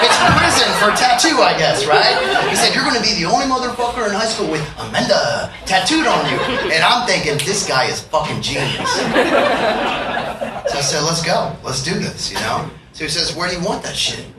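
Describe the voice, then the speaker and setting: A man with a high voice spins a crude, funny story between songs, mimicking his friends as he goes. He sounds far off in a roomy venue, and a lively crowd is heard behind him. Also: a little fast. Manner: profane, joking, acts out the people in his stories. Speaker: singer-songwriter telling stories between songs. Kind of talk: storytelling to a live audience. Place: concert venue with an audience. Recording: roomy far-off live recording with crowd noise.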